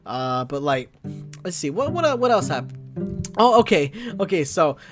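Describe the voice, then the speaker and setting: A man's voice: on the high side, very animated, moderate pace. A young man hosting a podcast, telling a comedic story in a rambling way full of restarts. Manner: rambling, many restarts and fillers. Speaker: podcast host. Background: music.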